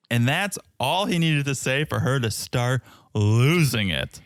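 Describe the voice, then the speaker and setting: Joking male podcast co-host with a lively voice. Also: medium pitch, unhurried, dry recording, studio quality. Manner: joking, sarcastic asides, lively delivery. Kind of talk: casual chat recapping a reality show.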